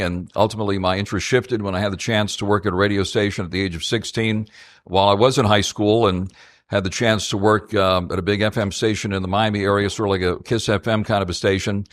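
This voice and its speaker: A man speaking as moderator of a panel for high school students, measured and full of fillers. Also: steady tone, a bit bright, dry recording. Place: auditorium event.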